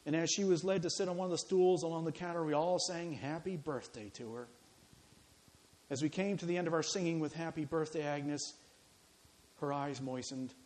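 A man preaching a sermon, telling a story in an animated, dramatic way full of quoted dialogue. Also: a little high, moderate pace, rough recording.

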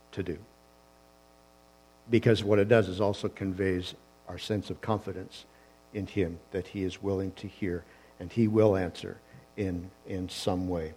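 Male pastor preaching, earnest, lots of uh and restarts, gets loud then goes real quiet. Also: lowish voice, poor audio. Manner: earnest, builds to emphatic peaks then drops to quiet; halting restarts with frequent uh and um. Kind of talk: sermon.

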